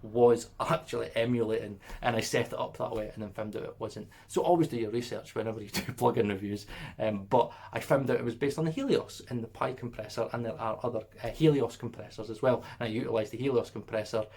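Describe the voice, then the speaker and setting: A man talking casually through a plugin review, his voice sitting at an ordinary middle pitch. He rambles off into side comments, keeps checking in with "right?", and laughs as he goes. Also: quick pace, a little mellow, breathy edge. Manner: chatty, rambling asides, frequent "right?" and "like"; laughs mid-sentence. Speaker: audio plugin reviewer, channel host.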